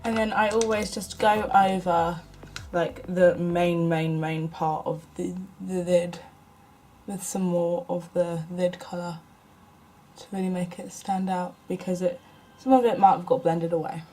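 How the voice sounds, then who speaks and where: A woman's voice: fairly low pitch, fairly even intonation, measured pace, darkish tone, low-quality recording. A young woman from the UK chatting casually through a makeup tutorial, self-mocking and often half-muttering to herself. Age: young adult. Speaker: beauty vlogger.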